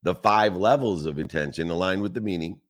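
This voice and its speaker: A man's voice: low-pitched, fairly quick. A man giving a motivational talk, speaking with emphatic rhetorical questions and long repetitive lists.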